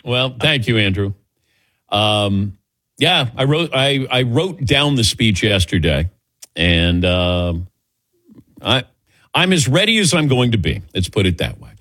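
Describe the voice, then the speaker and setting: A man's voice: mid-range voice, big pitch swings, measured pace, fairly bright tone, no echo. A man hosting a call-in radio show, chatting casually with co-hosts and callers. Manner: easygoing, fond of acting out quoted exchanges.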